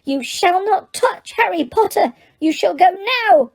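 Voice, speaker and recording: A woman voicing a small, shrill, fiercely loyal male house-elf in an audiobook, speaking slowly and emphatically. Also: expressive, vocal fry, a little mellow, heavily acted. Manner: slow, emphatic, speaks of himself by name. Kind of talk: audiobook character voice.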